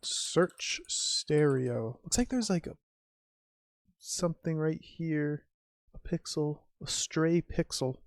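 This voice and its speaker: In a dry, studio-quality recording, a darkish mid-range voice chats casually over an old adventure game stream. The streamer muses wryly, slowly speaking each typed command and reading the game's text aloud.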